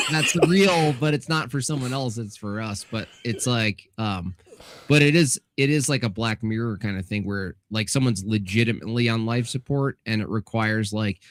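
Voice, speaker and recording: A man co-hosting a livestream, telling stories in animated, giggly casual chat. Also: mid-range voice.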